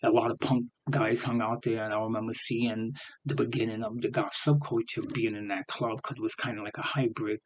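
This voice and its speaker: A man's voice: mid-range voice, brisk, slight background noise, poor audio. Rambling New man telling his story. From New York City. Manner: rambling and animated, laughs often mid-sentence. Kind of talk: casual personal storytelling.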